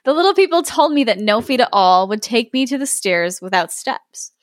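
A woman's voice: a little high, big pitch swings, normal speed, dry recording, studio quality. A tired, earnest little girl, as a woman reads her. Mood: polite. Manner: plaintive, earnest. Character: tired, determined young girl.

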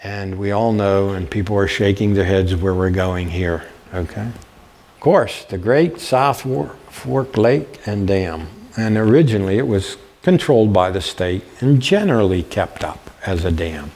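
A man's voice: lowish voice, animated, a little slow, darkish tone. An older man giving a public history lecture with slides, telling stories folksily and often checking in with his audience. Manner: folksy storyteller, checks in with "okay?". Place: warm lecture room.

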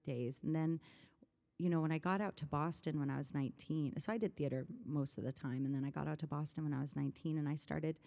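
A woman's voice: low-pitched, steady tone, fast, vocal fry, dark tone. A woman musician in her thirties in a casual interview, chatting animatedly, often laughing and rambling through stories. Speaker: musician guest.

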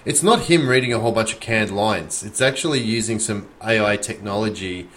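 An Australian man with a lowish voice co-hosts a casual podcast. He chats with enthusiasm and comes back energized after every pause. His talk runs in quick, animated bursts. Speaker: podcast co-host.

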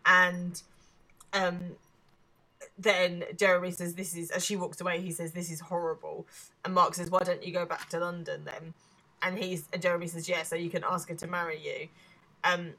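Bright-voiced woman podcast co-host. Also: fairly low pitch, level tone, normal speed. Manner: laughs often, hesitant "um"s. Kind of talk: casual chat, recapping a TV episode.

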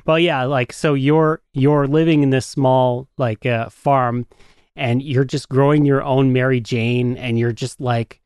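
A man's voice: medium pitch, little pitch movement, unhurried, a little mellow, smooth, dry recording, studio quality. A man hosting a casual interview over a remote call, talking loosely with lots of fillers and jokes. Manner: loose, filler-heavy, jokey. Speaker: podcast host.

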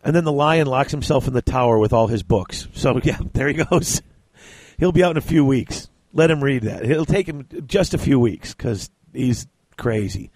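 Man, podcast co-host, excitable book talk with read-aloud bits, dry close sound. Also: medium pitch, normal speed, no echo. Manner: laughs often, enthusiastic, reads excerpts aloud. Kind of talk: casual book discussion with read-aloud passages.

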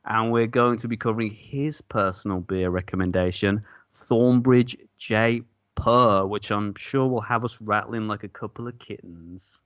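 A man's voice: fairly low pitch, normal speed, few pauses, a bit bright, no echo, highs cut off. A man co-hosting a casual beer-tasting podcast, jokey and rambling, laughing often. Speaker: podcast co-host.

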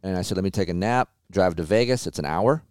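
Deep-voiced, laid-back storytelling man. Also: fast talker, a little mellow, smooth, no echo, studio quality. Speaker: podcast host. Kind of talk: casual chat.

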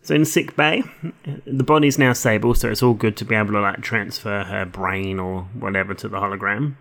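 Giggly man with a gravelly voice. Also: fairly low pitch, steady tone, a little fast, a bit bright. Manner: giggly, rambling, self-mocking. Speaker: podcast co-host. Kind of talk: casual chat recapping a TV episode.

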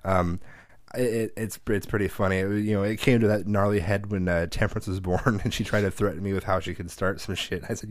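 A man's voice: lowish voice, a little fast, no room sound. A man in his thirties in a casual chat, telling family stories with lots of swearing and acted-out quotes. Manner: profane, animated storyteller who acts out quotes.

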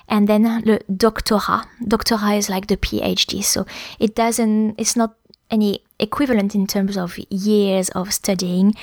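A woman's voice: medium pitch, vocal fry, dry recording, studio quality. A woman with a French accent hosting a podcast language lesson, explaining words carefully and spelling them out letter by letter. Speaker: French teacher, podcast host.

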